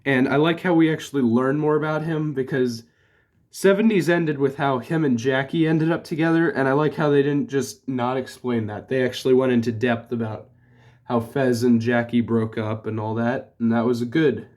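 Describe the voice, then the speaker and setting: Male reviewer, offhand rambling delivery, average pitch. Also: steady tone, moderate pace, a little mellow. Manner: rambling, full of "like" and restarts. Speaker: TV show reviewer. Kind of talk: casual spoken review.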